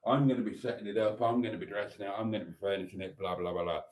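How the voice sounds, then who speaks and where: A man's voice: lowish voice, fairly even intonation, rapid-fire, darkish tone, a little hiss or hum. A man hosting a casual livestream, chatting affectionately and reading out viewer comments. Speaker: livestream host.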